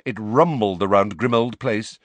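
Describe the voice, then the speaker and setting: A man reading a story aloud as an audiobook narrator, with expressive storytelling. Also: fairly low pitch, normal speed, dry recording. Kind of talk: scripted narration.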